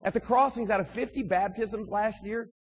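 A man preaching to church leaders, emphatic, swinging between loud pushes and quieter asides, with frequent restarts. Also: high-pitched, fairly even intonation, moderate pace, husky, rough recording. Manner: emphatic, rising and dropping in volume, frequent restarts.

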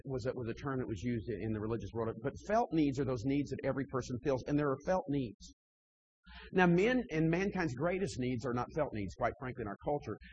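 A man preaching to church leaders, emphatic, swinging between loud pushes and quieter asides, with frequent restarts. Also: mid-range voice, breathy edge, dull audio. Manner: emphatic, rising and dropping in volume, frequent restarts.

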